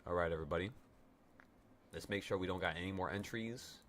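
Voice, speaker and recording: A man's voice: deep voice, fast talker, a bit bright, a little hiss or hum. A man in his twenties, a trading streamer telling a story in casual livestream talk, stammering and swearing as he goes.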